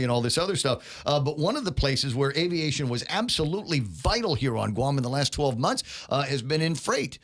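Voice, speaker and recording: A man's voice: a little high, lively intonation, brisk, hardly any pauses, a bit bright. A man hosting a casual talk radio interview, chatty and rambling, steering the talk with questions. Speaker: radio show host.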